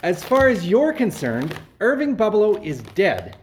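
An actor playing a scheming man who covers up with quick excuses in a comedic radio play. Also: high voice, huge pitch swings, slight background noise, full character voice. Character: scheming male fugitive covering up lies.

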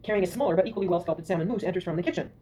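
A woman reads the stage directions in a play read-through. She races through them in a matter-of-fact way, with a low, warm voice. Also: very fast, a little hiss or hum.

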